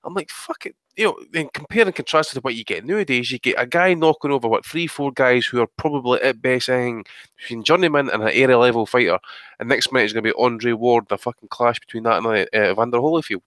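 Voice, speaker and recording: A man's voice: mid-range voice, fast talker, a bit bright, dry recording. A man co-hosting a boxing podcast, ranting with lots of swearing and exasperation. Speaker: podcast co-host. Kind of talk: casual podcast chat.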